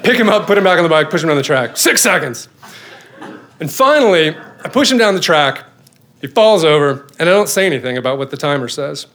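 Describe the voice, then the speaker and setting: A middle-aged man, a father, telling a personal story on stage with lively, self-mocking comic timing. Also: a little high, fairly quick, a little hiss or hum. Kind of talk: live storytelling performance.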